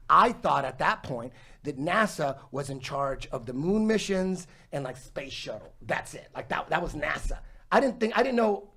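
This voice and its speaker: A man in his forties tells a rambling story at a loose, animated clip, peppering it with swearing and laughter. His voice sits a touch high for a man, and the talk is casual and unscripted. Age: 40s. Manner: profane, animated, laughs while telling. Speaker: podcast guest telling a story.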